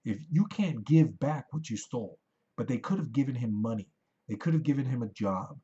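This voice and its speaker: A man's voice: medium pitch, lively intonation, brisk, mellow, slightly rough, lo-fi sound. A man ranting into the camera in a rambling, profane, heated monologue. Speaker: vlogger.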